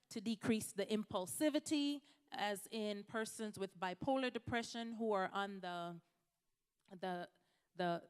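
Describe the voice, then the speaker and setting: A woman's voice: medium pitch, clear, resonant tone, long reverb tail. A woman from Jamaica, a physician giving a conversational health talk to a church congregation, addressing the audience directly. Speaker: physician speaker.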